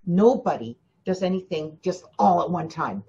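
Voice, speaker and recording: A woman's voice: lowish voice, animated, normal speed, mellow, lo-fi sound. A woman hosting a spiritual coaching talk, speaking emphatically to her listeners, often repeating herself and addressing them directly. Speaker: spiritual teacher and host.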